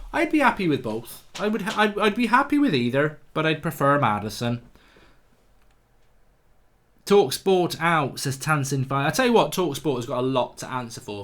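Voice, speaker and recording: A man's voice: mid-range voice, fairly bright tone. Blunt man hosting a live football stream. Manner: blunt, opinionated, restarts often. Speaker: football fan channel host. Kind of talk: live stream, reading out chat comments.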